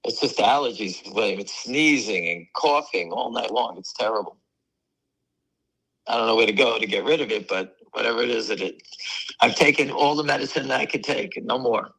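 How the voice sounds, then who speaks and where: A man co-hosting a stock market talk show, hoarse from allergies, talking bluntly and dismissing critics. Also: mid-range voice, brisk, bright, forceful tone, rough recording. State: hoarse, losing his voice from allergies. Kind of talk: casual market talk with a co-host.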